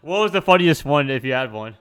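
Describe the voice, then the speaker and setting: A man's voice: fairly high pitch, lively intonation, fast, fairly bright tone, clean tone. A young man from North Carolina co-hosting a casual podcast chat, laughing along and asking follow-up questions. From Charlotte, North Carolina. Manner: laughing listener, asks follow-ups. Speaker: podcast co-host.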